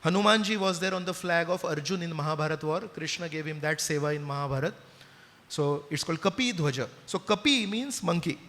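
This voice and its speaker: A high-pitched man with an Indian accent tells a devotional story to his listeners and often asks them questions. His voice carries a long reverb, as in a large hall. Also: fairly quick, fairly bright tone. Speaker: spiritual speaker.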